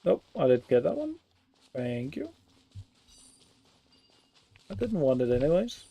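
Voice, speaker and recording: A man's voice: on the high side, wildly swooping pitch, unhurried, vocal fry, mellow. A man giving casual gameplay commentary, sarcastic and swearing freely as he plays. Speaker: gaming streamer.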